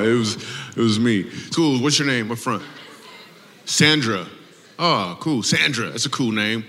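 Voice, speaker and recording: A man's voice: medium pitch, noisy background. A man doing live stand-up comedy, teasing audience members and laughing between jokes. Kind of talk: live stand-up crowd work. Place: live show venue. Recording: reverberant live venue with faint ambience.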